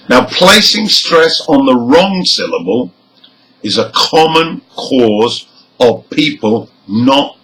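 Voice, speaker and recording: A man teaching English word stress, reading example words one by one, marking the stressed syllables clearly and nodding on them. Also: mid-range voice, pushed and bright, poor audio. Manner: nods his head up on stressed syllables. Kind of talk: slow, deliberate pronunciation lesson.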